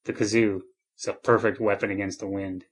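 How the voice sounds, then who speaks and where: A man riffing deadpan on absurd ideas in an improvised comedy chat, laughing easily. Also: fairly low pitch, fairly quick, breathy edge.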